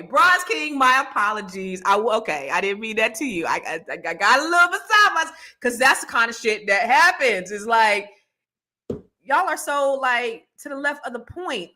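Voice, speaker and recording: A woman hosts a casual livestream with a bright, forceful voice. She reads viewer comments and talks bluntly, swearing freely and swinging from low mumbles to heated rants. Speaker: host.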